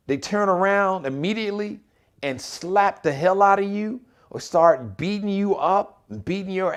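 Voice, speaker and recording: An indignant male host rants through a live political commentary, his voice sitting a little higher than most men's and swinging widely as he builds. He slips into slang and mocking quoted voices as he goes.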